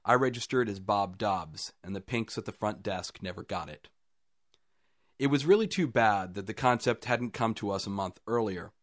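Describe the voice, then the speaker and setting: A man reading a first-person short story aloud in a calm, even storytelling manner with dry understatement. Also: lowish voice, no echo. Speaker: story reader.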